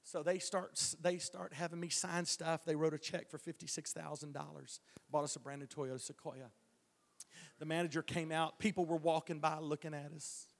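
A man's voice: a little high, fairly even intonation, normal speed, vocal fry. A male evangelist telling a testimony from the pulpit, folksy, with stammering restarts and chuckles. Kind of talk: preaching a testimony. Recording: long hall reverb.

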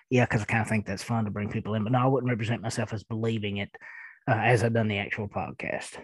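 This man, in his thirties and carrying a thick Eastern Kentucky accent, hosts a podcast where he casually answers emails from listeners. He rambles, chuckles and halts with fillers in a mid-range voice, with no echo.

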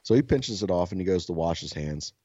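This podcast co-host is a man whose low voice has a breathy edge and a fairly quick pace. He tells a story in profane, casual chat, acting out the quotes with animation, on a dry, lo-fi recording.

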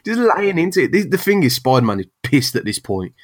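A man chats about comics with a lively, bouncy pitch and keeps laughing as he goes. His talk is loose and slangy. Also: brisk. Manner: giggly, animated, slangy. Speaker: podcast co-host. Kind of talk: casual comic-book chat.

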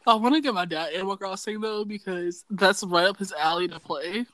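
A woman's voice: medium pitch, a little fast. A young woman co-hosting a podcast, telling stories in casual chat and laughing often. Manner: laughing often, animated storytelling. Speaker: podcast co-host.

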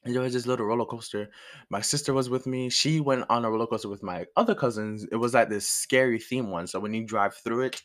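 A young man tells a personal story in a loose, casual way. He is animated, breaks into laughter often and swears freely. His voice sits at an ordinary middle pitch. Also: quick pace. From outside the United States.

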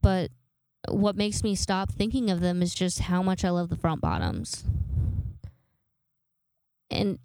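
A woman's voice: fairly low pitch, sing-song, takes it slowly, gravelly, long pauses, a little mellow, dry recording. A young woman hosting a casual solo podcast, rambling and self-deprecating with casual swearing, a little congested from a sinus infection. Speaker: podcast host.

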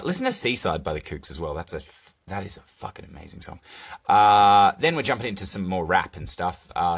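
A man's voice: deep voice, fairly bright tone. A young man hosting a solo podcast from his phone, rambling through casual, profane chat with jokey asides. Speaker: podcast host. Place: recording alone on a phone.

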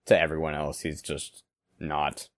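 A man's voice: extremely low pitch, monotone, measured pace, dry recording. A young man chatting casually between story readings, laid-back, swearing and laughing easily. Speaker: co-host reading stories. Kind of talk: casual chat.

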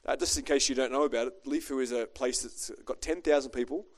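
A man's voice: mid-range voice, fast. A middle-aged man, a pastor preaching a chatty, joking sermon built on a personal story.

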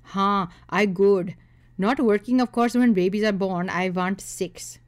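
A man's voice: high-pitched, unhurried. A woman voicing a brash young Indian man with a thick accent and broken English, a presumptuous suitor. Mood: smug.

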